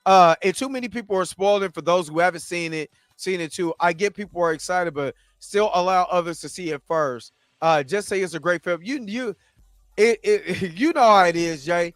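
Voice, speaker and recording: A man's voice: high-pitched, normal speed, dry recording. A man hosting a casual livestream, reading chat and talking in a laid-back, chatty way. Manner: laid-back, chatty, often laughing and trying voices.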